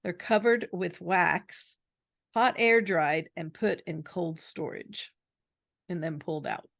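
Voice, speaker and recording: A woman co-host in a relaxed podcast chat, speaking slowly and at ease. She quizzes her partner with odd trivia and breaks into laughter often. Her voice is recorded close and dry, with no room sound. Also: lowish voice, gravelly, no room sound. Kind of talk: casual chat.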